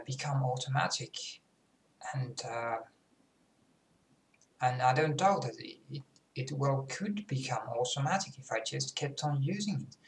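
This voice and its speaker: A young Finnish man, a native Finnish speaker, carefully works at a British RP accent in an unhurried, halting delivery. He sounds self-conscious and pauses often as he chats casually for a vlog. The room is echoey and has a faint hum of background noise. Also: mid-range voice. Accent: Finnish speaker attempting British RP. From Finland. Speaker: language student.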